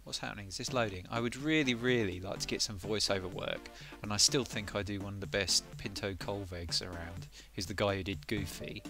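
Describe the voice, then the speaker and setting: A man with a fairly low voice talks a little fast and hardly pauses while streaming a video game live, game music behind him. His casual commentary rambles, mocks himself, and erupts into silly voices.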